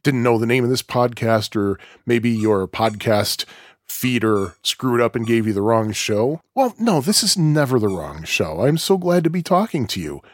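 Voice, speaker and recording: A man's voice: mid-range voice, very animated, normal speed, no room sound, clean studio sound. A man hosting a casual solo podcast at home, chatty and digressive with plenty of filler ums and uhs. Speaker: podcast host.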